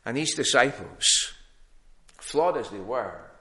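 A man's voice: medium pitch, expressive, slow pace, bright, forceful tone. A man preaching a sermon in a plain teaching tone, with frequent ums and restarts.

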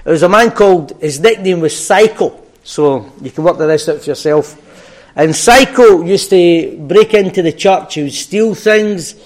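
An older Scottish pastor with a Glaswegian accent, speaking somewhat high for a man. He moves from prayer into earnest, folksy storytelling from the pulpit. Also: normal speed. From Scotland.

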